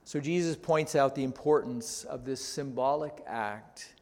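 Slow, deliberate male preacher. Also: medium pitch, a little mellow. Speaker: pastor. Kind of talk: sermon. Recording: long reverb in a large hall.

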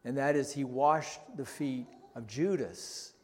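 Slow, deliberate male preacher. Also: medium pitch. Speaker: pastor. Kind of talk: sermon. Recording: long reverb in a large hall.

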